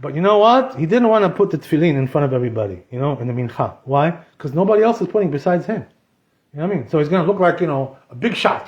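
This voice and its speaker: A man's voice: fairly high pitch, animated, fast, a little mellow. A man teaching an informal Torah class as a rabbi, chatty, peppering every sentence with "you know" and dropping in Hebrew terms. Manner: conversational, constantly says "you know", mixes in Hebrew terms. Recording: echoey room.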